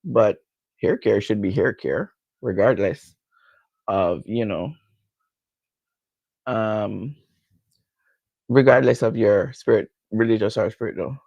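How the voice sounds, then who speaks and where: Chatty Jamaican woman, gravelly voice. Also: very deep voice, slow, pauses often, darkish tone, no room sound, muffled recording. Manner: chatty, laughs often, answers viewers directly. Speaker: hair care vlogger. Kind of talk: casual live chat with viewers.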